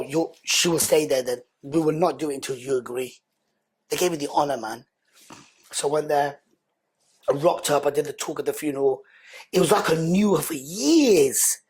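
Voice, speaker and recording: A man, a podcast guest telling an emotional personal story in an animated, slangy way, repeating words for emphasis. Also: fairly high pitch, husky.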